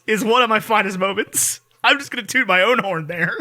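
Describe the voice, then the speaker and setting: Young guy on a podcast, bright voice, jokey rants. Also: high-pitched, a little fast, hardly any pauses. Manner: animated, joking, rants with mock outrage. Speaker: podcast co-host. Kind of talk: casual chat.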